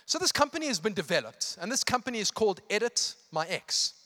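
A male pastor preaches an impassioned evening sermon in a church hall, hammering phrases through repetition. He talks fast in a high, bright, forceful voice with big pitch swings, and the hall adds long reverb.

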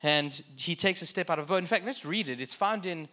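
A man preaches a sermon in a relaxed, conversational way and drops playful jokes between points. His voice sits a little high and sounds bright and forceful. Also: brisk. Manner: conversational preaching with joking asides.

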